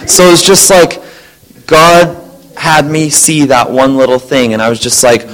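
Animated man telling a school story. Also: on the high side, normal speed, poor audio. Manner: animated, acts out quoted voices. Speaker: science teacher sharing a testimony. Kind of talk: casual storytelling to a group.

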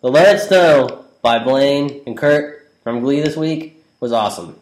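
A man's voice: medium pitch, a little slow, reverberant, low-quality recording. Rambling enthusiastic podcast host, man. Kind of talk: casual banter.

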